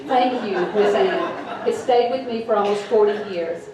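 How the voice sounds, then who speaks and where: A woman in her fifties with a deep Southern accent, telling a story on stage in a formal, earnest way. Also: animated, slow. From Mississippi. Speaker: storytelling contestant. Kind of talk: live storytelling. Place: event hall with audience. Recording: echoey hall, distant mic, noisy.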